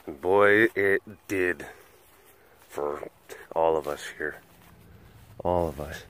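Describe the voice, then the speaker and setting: A man's voice: sits low, takes it slowly, long pauses, a bit bright. A middle-aged man hosting a casual vlog, talking in a rambling, hesitant way with many fillers. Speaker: big cat sanctuary vlogger.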